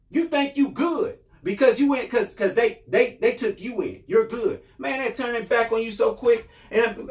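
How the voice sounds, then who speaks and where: A man from New York State hosting a podcast, giving an impassioned, repetitive monologue and often raising his voice. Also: very high voice. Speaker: podcast host. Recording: roomy echo.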